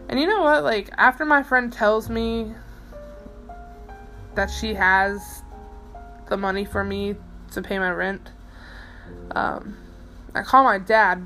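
A young adult woman hosts a podcast as a personal late-night monologue, rambling emotionally through a bad day with lots of fillers, restarts, and casual swearing. Her mid-range voice has a fairly bright tone, and the recording is rough.

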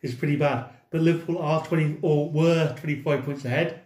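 Mock-earnest man, slightly high voice. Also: fairly even intonation, fairly quick, a little mellow. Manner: mock-earnest, stumbling over repeated words. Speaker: podcast co-host. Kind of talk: casual chat. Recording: roomy, echoey room sound.

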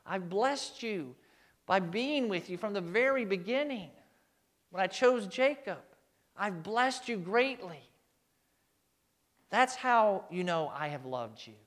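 A man with a notably high voice preaches a sermon. He speaks emphatically and turns to his listeners with rhetorical questions. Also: lively intonation, slow, pauses often, fairly bright tone. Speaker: pastor.

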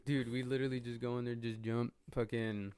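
A man's voice: medium pitch, little pitch movement, brisk, darkish tone, a little hiss or hum. Young male podcast co-host, casual slang-heavy chat, swears freely. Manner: slangy, swears a lot, says bro and dog.

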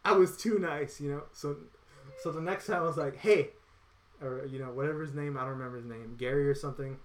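Chatty man with an average-pitched voice who rambles and plays out dialogue as he talks. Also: fast, a little hiss or hum. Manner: rambling, acts out quoted dialogue. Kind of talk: casual chat.

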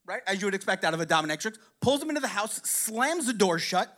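A man spins a crude, rambling anecdote for a crowd, his pitch swinging up and down with lively energy. He keeps checking in with his listeners and chuckles between lines, loose and profane throughout. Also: fast talker. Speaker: storyteller. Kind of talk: casual profane storytelling to a live audience.

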